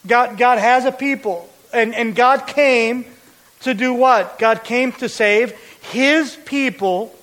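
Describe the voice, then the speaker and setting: A man preaching a sermon as pastor, explaining a verse with deliberate, emphatic repetition. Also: extremely high pitch, fairly bright tone, low-quality recording.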